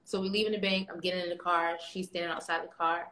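A woman chatting casually on a livestream, telling animated, slangy stories about fans. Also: fairly low pitch, fast talker, echoey room, low-quality recording. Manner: animated storyteller, slangy and swearing. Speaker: livestream guest.

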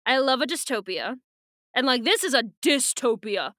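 A woman's voice: sits high, expressive, normal speed, a bit bright, dry recording, clean studio sound. A young woman co-hosting a podcast, recapping a book in a chatty way with many fillers and frequent laughs. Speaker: podcast co-host. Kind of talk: casual book recap and chat.

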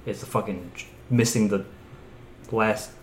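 A man with a lowish voice who rambles through casual podcast talk, trailing off and leaning on fillers. The sound is roomy and echoing, with a faint ambient hum behind it. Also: fairly even intonation, a little slow. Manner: rambling, hesitant, filler-heavy. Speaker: podcast co-host. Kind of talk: casual chat. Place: outdoors on a summer day.

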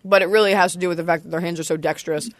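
A woman comedian guest chatting casually on a podcast, teasing with wry, deadpan jokes. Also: lowish voice, very fast, no room sound. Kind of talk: casual chat.

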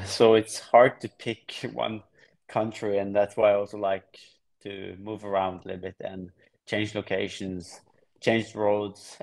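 Relaxed man from Norway, low voice. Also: vocal fry. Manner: relaxed, explains plainly with frequent restarts. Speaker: guest triathlete. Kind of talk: casual podcast interview.

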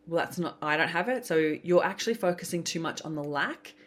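Lively woman telling stories. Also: fairly low pitch, brisk. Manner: animated storytelling, acts out quoted voices. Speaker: podcast guest, business coach. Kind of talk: casual interview chat.

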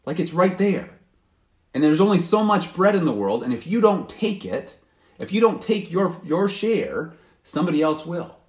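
A man's voice: high-pitched, sing-song, moderate pace, voice pushed up. A man voicing a sly, persuasive male devil who coaxes with insistent questions, in a roomy hall. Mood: coaxing.

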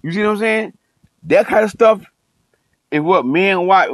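A man's voice: high voice, measured pace, no echo, rough recording. A middle-aged man, a coach, giving a passionate, preachy monologue and hammering points home by repeating them. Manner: emphatic, repeats phrases, calls himself passionate. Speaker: coach and online commentator.

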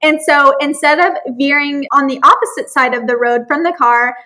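Bright, high-voiced young woman. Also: fairly even intonation, normal speed, poor audio. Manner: sheepish, self-deprecating. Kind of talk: casual storytelling chat.

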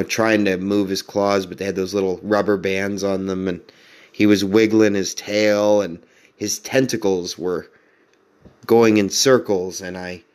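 A man with a notably deep, low-pitched voice spins a casual, rambling story straight to the camera. He is self-deprecating and chuckles between his thoughts.

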